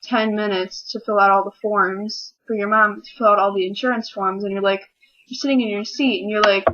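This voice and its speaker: A teenage girl ranting casually to camera, rambling and acting out little scenes in quick voices. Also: mid-range voice, steady tone, fairly bright tone, lo-fi sound. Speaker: vlogger. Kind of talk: casual comedic rant to camera.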